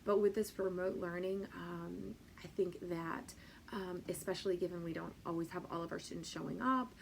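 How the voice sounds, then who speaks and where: Speaking to other teachers in a casual training talk, she teaches Spanish, uses lots of ums, and becomes sing-song and playful reciting a children's rhyme. Her voice is on the low side and creaky, with fairly even intonation and normal speed, and slight background noise can be heard.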